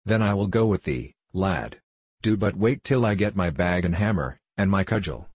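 A man reading a storybook, voicing a boastful, quick-tempered male tinker in old-fashioned archaic speech. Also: low-pitched, expressive, breathy edge, no echo.

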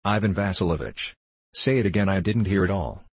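A man's voice: deep voice, lively intonation, fairly quick, husky, dry recording. Man reading as gushing old landowner. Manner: showers everyone with pet names. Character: effusive elderly male landowner, gushing and fussy. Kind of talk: audiobook play reading.

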